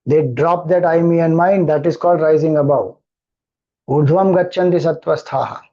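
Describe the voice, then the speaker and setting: A man's voice: fairly high pitch, fairly even intonation, moderate pace, dull audio. A man with an Indian accent, a spiritual teacher explaining scripture, who keeps repeating verses and asking rhetorical questions. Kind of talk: scripture discourse.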